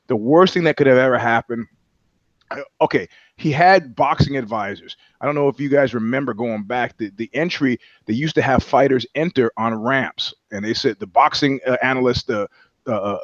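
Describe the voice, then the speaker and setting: A man's voice: medium pitch, no room sound, highs cut off. A man co-hosting a podcast in casual chat, rambling and sardonic, with plenty of profanity. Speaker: podcast co-host.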